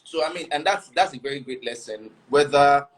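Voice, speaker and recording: A man, a guest husband in a casual interview, speaking haltingly with restarts as he reflects on his marriage. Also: fairly high pitch, low-quality recording. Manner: halting, many restarts and laughs.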